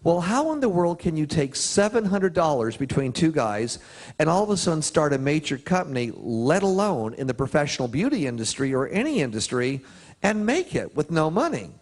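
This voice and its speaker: A man speaking at a motivational seminar, telling a story with lively swings in pitch and pauses for emphasis. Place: prison chapel or hall.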